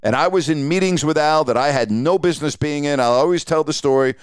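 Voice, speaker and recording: A man's voice: a little high, quick pace, smooth, dry recording, clean studio sound. A middle-aged man hosting a podcast, casually telling stories from his sportscasting career and acting out the dialogue. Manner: animated storyteller acting out quoted dialogue. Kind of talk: casual storytelling.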